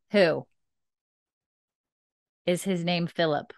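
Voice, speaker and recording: A young woman co-hosting a podcast, recapping a TV episode in chatty, animated casual talk full of fillers. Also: lowish voice, takes it slowly, pauses often, no echo, clean studio sound. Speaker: podcast co-host.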